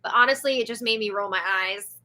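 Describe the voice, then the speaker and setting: A young woman hosts a live chat show, reading out viewer messages in a chatty, giggly way full of little fillers. Her voice is bright and sits a bit high, and her throat is sore. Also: fairly quick. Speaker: show host.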